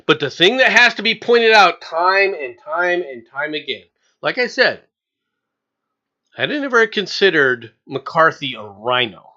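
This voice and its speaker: Sharp, sarcastic political ranter. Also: mid-range voice, big pitch swings, a little slow, muffled recording. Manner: sarcastic and mocking, with scornful laughs; emphatic, repeats points over and over. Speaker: political commentator. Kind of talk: ranting political commentary.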